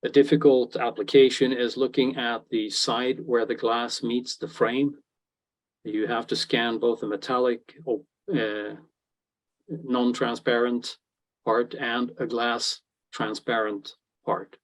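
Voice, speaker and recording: A man presenting a technical product webinar, talking in a halting way with frequent fillers and restarts. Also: medium pitch, fairly even intonation, rough recording.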